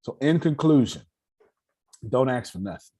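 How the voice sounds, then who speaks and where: A man's voice: mid-range voice, lively intonation, moderate pace, dark tone, husky. A man giving a folksy, preachy motivational talk to a live audience, often turning to his listeners directly. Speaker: motivational speaker.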